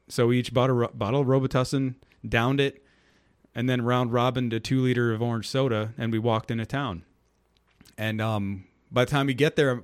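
A young adult man on a podcast, chatting casually and telling a rambling story, acting out the people in it with a raised, goofy voice. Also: medium pitch. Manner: rambling and animated, acts out quotes with a raised goofy voice.

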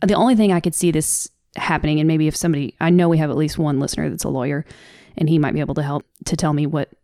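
A podcast co-host from the Southern United States speaks with a Southern American accent in a deep, steady voice, talking very fast. Her casual discussion is earnest, loose and off the cuff, with soft laughs, captured dry and clean on a studio microphone.

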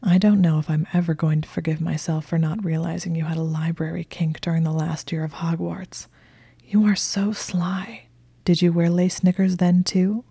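A woman voicing a smug, teasing young aristocratic wizard man in whispered role-play, low and breathy. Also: level tone, normal speed, dark tone, no echo.

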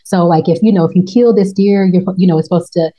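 A woman with a lower voice and a mellow, relaxed tone, recapping a TV episode in casual chat. She talks in a slangy, profane, animated way, jumping into quick impressions of the characters as she goes. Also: poor audio. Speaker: podcast host.

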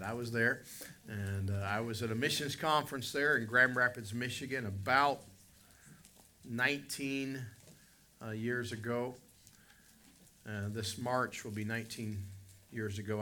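Preaching and storytelling, this West Virginia pastor swings from soft reflection to forceful emphasis. His mid-range male voice has fairly even intonation, runs a little slow, and pauses often, over a slight hiss or hum.

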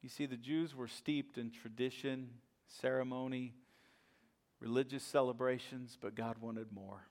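A man preaching a sermon as pastor, swinging between loud emphatic lines and hushed ones. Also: mid-range voice, fairly even intonation, a little slow.

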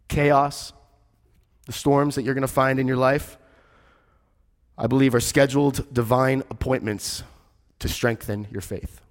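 Animated preacher, long church reverb. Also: male voice. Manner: conversational, animated storytelling, drops low and quiet for emphasis. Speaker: pastor. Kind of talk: sermon.

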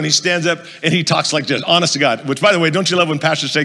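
A man's voice: a little high, steady tone, racing, pushed and bright, long reverb tail. A male pastor preaching a sermon, telling a funny story and quizzing the audience as he goes. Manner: storytelling, asks the audience questions, jokey.

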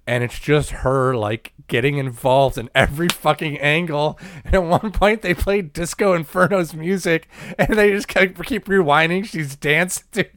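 A man's voice: on the high side, moderate pace, few pauses, fairly bright tone, no echo, studio quality. A man co-hosting a casual wrestling podcast, swearing and laughing as he reads quotes aloud. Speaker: podcast co-host. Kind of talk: casual chat.

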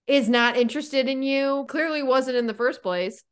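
Female podcast co-host, slightly high pitch, sarcastic, animated casual delivery. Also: normal speed, smooth. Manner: animated and sarcastic, heavy use of "like". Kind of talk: casual chat.

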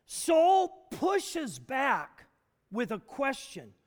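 A man preaching a sermon, emphatic, with dramatic pauses. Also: extremely high pitch, wildly swooping pitch. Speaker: pastor. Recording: long hall reverb.

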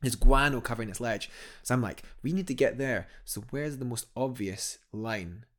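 A man's voice: mid-range voice, moderate pace, a bit bright. A man, a guest telling a climbing story in a casual podcast chat, enthusiastic and rambling with many restarts.

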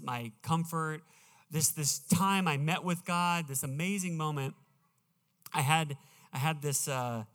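A man preaching a sermon in a church, earnest and deliberate, slowing down to read scripture with emphasis. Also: a little high, fairly bright tone. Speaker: pastor. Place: church sanctuary. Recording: reverberant church hall.

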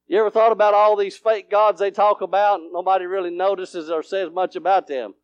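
High-voiced fervent preacher man. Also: little pitch movement, fairly quick, hardly any pauses, smooth, no echo. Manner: rising to fervent shouts, then dropping to near whispers. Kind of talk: sermon.

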